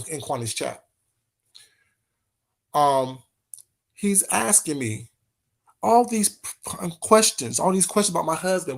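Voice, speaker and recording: A man's voice: on the high side, vocal fry, a bit bright. A man hosting a casual livestream, talking straight to his chat in a heated, repetitive way. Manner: heated, talks straight to chat, repeats phrases. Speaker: livestream host.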